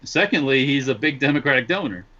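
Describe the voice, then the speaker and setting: A man joins a podcast over a muffled, lo-fi call line. He talks haltingly, full of fillers and restarts, and his pitch swings up and down a lot. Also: lively intonation, bright, forceful tone. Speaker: podcast guest. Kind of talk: casual chat over a call. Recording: dull lo-fi video call audio.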